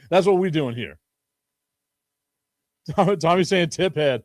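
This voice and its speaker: A man's voice: a little high, animated, unhurried, no echo, studio quality. A man hosting a casual sports talk stream, joking and rambling and laughing often. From Chicago. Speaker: sports talk show host.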